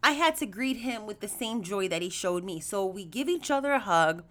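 A woman hosting a podcast, telling a story in a chatty, animated way, addressing her listeners as y'all and acting out quoted voices with big jumps in pitch. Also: moderate pace. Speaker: podcast host. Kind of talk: casual storytelling monologue.

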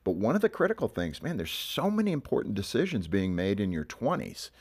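A male radio host speaks in a deep voice that swings widely in pitch. He chats easily and laughs often with his guest. It sounds like a studio interview. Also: huge pitch swings, a little fast, a little mellow, husky. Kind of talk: conversational interview.

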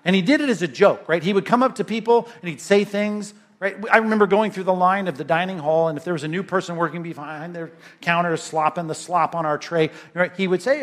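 Emphatic preacher, a fairly high-voiced man. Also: a little fast, fairly bright tone. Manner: emphatic, conversational preaching with rhetorical "right?". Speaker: pastor. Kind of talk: sermon.

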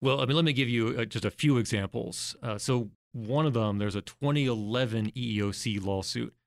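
A man's voice: medium pitch, fairly quick, vocal fry, dry recording. Man explaining in a dry podcast studio. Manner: explanatory, walks through examples step by step. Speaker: guest researcher. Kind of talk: podcast interview.

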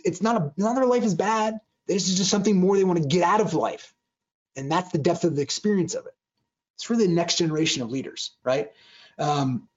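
A man delivers an earnest motivational talk at a brisk clip. His voice sits a little high and he often restarts sentences mid-thought. The recording is muffled and lo-fi. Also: darkish tone. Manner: earnest, restarts sentences, acts out quoted dialogue. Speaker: speaker on joy at work. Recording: dull lo-fi sound.

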